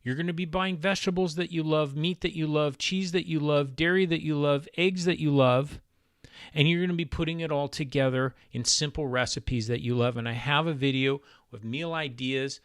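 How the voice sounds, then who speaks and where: A man's voice: a little high, steady tone, normal speed, smooth, no echo, clean studio sound. A man talking in a casual instructional vlog about diet, emphatic, exasperated and blunt. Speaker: keto diet vlogger.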